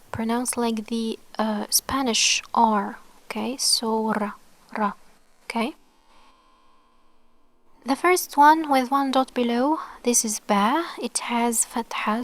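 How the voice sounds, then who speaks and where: A woman gives an online alphabet lesson at an unhurried, careful pace, in a slightly raised voice. She repeats each sound patiently, checks in with her learners again and again, and softens almost to a whisper when sounding out letters. The recording is dry and close. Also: on the high side, dry recording. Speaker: Arabic teacher.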